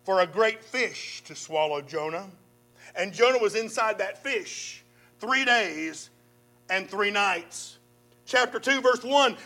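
A man preaching a sermon, reading scripture dramatically with loud swells and sudden soft drops, then speaking directly to his listeners. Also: extremely high pitch. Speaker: pastor.

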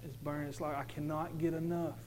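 A man's voice: on the high side, little pitch movement, a little fast, a little mellow, a little hiss or hum, low-quality recording. A man giving an earnest, emphatic personal testimony to a congregation as a father, stumbling and repeating himself.

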